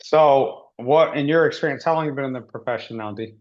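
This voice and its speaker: A man hosting a team training interview, asking rambling, halting questions with many restarts. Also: medium pitch, muffled recording. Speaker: host.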